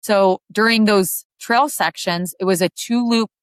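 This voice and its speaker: A woman's voice: medium pitch, unhurried, clear, resonant tone, dry recording. A woman ultrarunner chatting casually as an interview guest, her speech full of "like" fillers. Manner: chatty, heavy use of "like" fillers.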